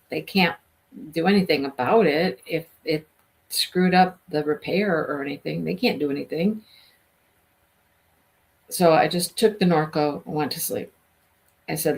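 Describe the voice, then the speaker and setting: Woman retelling a painful mishap. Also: fairly low pitch. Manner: emotional, animated retelling with quoted dialogue. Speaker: host. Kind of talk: casual storytelling.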